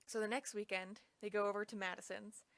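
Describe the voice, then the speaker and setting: A woman's voice: mid-range voice, level tone, brisk, gravelly, no echo. A young woman casually retelling a history story, chatty and full of fillers. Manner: chatty, lots of "like".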